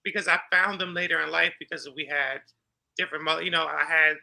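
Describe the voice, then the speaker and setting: A middle-aged man from New York, a podcast guest telling a personal story in an animated way and acting out the dialogue. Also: on the high side, brisk, creaky. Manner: animated, acts out dialogue with laughter. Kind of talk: storytelling in an interview.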